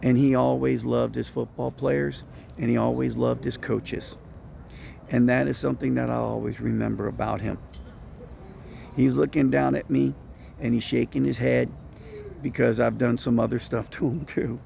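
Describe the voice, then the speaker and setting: A man, a football coach and teacher, telling lively stories about a late friend and mentor, then speaking earnestly in tribute. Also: moderate pace, gravelly, a little hiss or hum. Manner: animated storytelling, rising high when excited, earnest when reflecting. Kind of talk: casual storytelling tribute.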